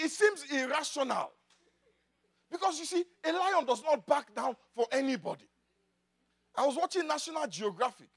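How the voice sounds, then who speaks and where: A man preaching a sermon in church, swinging from loud declarations to quiet asides. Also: extremely high pitch, vocal fry. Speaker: pastor.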